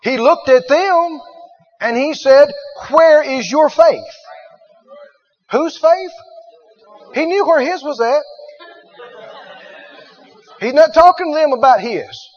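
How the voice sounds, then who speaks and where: Preacher man, high husky voice, keeps asking the church questions, muffled lo-fi sound. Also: animated, slow pace, pauses often. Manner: questioning the congregation, dramatic, repeats lines for emphasis. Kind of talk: sermon.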